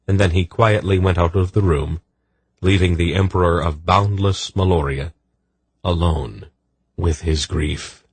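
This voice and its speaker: A man reading a fantasy novel aloud as an audiobook narrator, measured and gentle. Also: low-pitched, fairly even intonation, husky, no room sound. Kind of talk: scripted narration.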